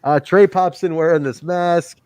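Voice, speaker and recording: A man's voice: fairly high pitch, steady tone, unhurried, darkish tone, clear, resonant tone, dry recording. A man hosting a casual wrestling review podcast, chatty and swearing freely, talking through a wrestling mask. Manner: chatty, swearing, laughs often. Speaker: podcast host. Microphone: wearing a wrestling mask over his face.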